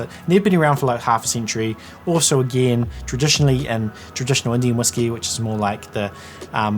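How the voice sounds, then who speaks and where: A man giving a casual whisky tasting review, chatting and thinking aloud as he tastes. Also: medium pitch.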